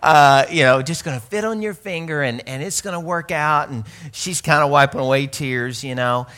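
A man, from Arkansas, preaching through a funny story about himself. His voice sits a little high and sounds bright and forceful. He jokes with the listeners and trips over his words, restarting often. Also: normal speed. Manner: animated, joking, self-mocking, with many restarts. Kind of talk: humorous storytelling sermon.

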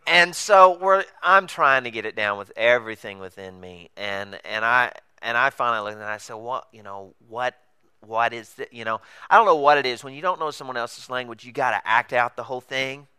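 Bright, animated male storyteller. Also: medium pitch, fairly quick, smooth, dry recording. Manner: animated storyteller, acts out voices and laughs. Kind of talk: humorous storytelling sermon.

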